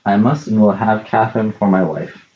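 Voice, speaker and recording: A man's voice: on the low side, moderate pace, dull audio, close to an everyday voice. A man voicing a boisterous young suitor in a storybook reading, hearty and pushy. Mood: bold. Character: boisterous young male suitor, bold and teasing.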